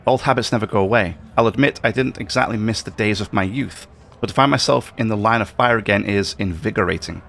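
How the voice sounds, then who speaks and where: A man reading the lines of a scheming male conspirator aloud from a game, in a level tone, with a gravelly, lowish voice. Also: fast talker, a bit bright. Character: scheming male station conspirator, cold and persuasive.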